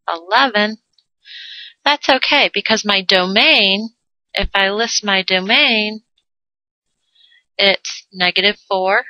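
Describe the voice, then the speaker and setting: A woman's voice: medium pitch, sharp tone, dry recording. A woman teaching a math lesson in a playful way, adding silly sound effects and jokes. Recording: dull lo-fi dry recording.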